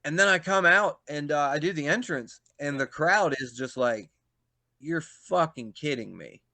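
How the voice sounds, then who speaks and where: Bright-voiced man telling a story. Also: a little high, normal speed, dry recording. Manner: animated, swearing, acts out quotes in loud bursts. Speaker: pro wrestler, podcast guest. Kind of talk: casual storytelling chat.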